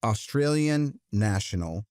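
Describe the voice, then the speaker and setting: Relaxed musing man, dry studio. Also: on the low side, takes it slowly, no echo. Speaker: actor guest. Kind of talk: podcast interview.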